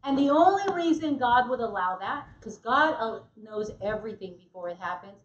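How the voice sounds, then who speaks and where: A woman's voice: fairly high pitch, animated, normal speed, reverberant, distant mic, muffled recording, a little hiss or hum. A woman co-teaching a church marriage class, earnest and emphatic, acting out what couples say. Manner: earnest, emphatic, acts out quotes.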